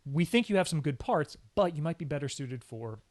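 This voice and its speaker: A man, a sports anchor, telling career stories in a casual interview, energetic and emphatic, often acting out what people said. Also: a little high, a little fast. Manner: animated storyteller, often acts out quoted speech. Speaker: sports anchor and reporter, podcast guest.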